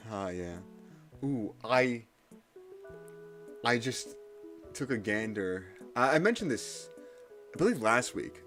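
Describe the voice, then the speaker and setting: Chatty streamer man with a lively voice. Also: on the low side. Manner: chatty, self-deprecating, nervous energy. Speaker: livestreamer studying Japanese kana. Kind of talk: casual live-stream chat.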